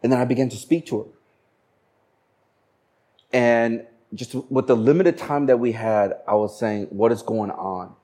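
Man, pastor, sermon storytelling, animated, loud-to-hushed swings, middle pitch. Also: unhurried, long pauses.

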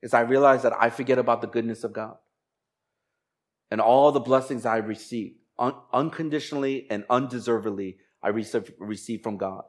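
A man preaching as a pastor, moving from slow, emphatic scripture reading into a chatty, laughing personal story. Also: mid-range voice. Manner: conversational, animated storytelling with laughs and quoted voices.

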